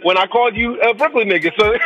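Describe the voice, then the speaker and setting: A man hosting an interview in a relaxed, slangy way, often stumbling and repeating words. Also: very high-pitched. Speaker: interview host. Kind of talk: casual interview. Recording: dull, lo-fi sound.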